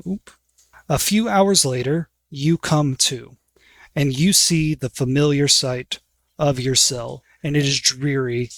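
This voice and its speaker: A man's voice: mid-range voice, a bit bright, no echo. A man running a tabletop game as game master, narrating scenes in a casual, descriptive way.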